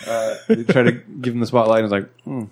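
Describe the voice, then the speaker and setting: A man co-hosting a casual movie podcast, halting and repeating words as he thinks aloud. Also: medium pitch, fairly even intonation, a little mellow. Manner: halting, repeats words and stumbles over starts. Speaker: podcast co-host.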